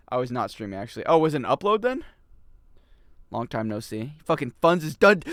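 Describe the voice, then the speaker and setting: A man chatting casually and joking with his chat while he plays a game on a livestream, swinging between loud outbursts and mumbled asides. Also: on the high side, sing-song, normal speed, pauses often, dry recording, clean studio sound. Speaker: game streamer.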